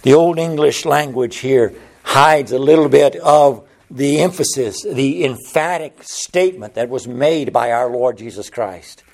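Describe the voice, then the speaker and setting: A man's voice: measured pace, gravelly. A man preaching a sermon, building passion through repeated phrases and Bible quotations. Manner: impassioned, rising pitch on repeated phrases.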